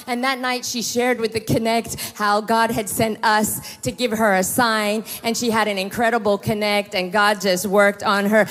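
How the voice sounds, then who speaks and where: A middle-aged woman pastor, preaching a sermon with lively storytelling asides. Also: medium pitch, normal speed, hardly any pauses. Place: church hall. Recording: long hall reverb.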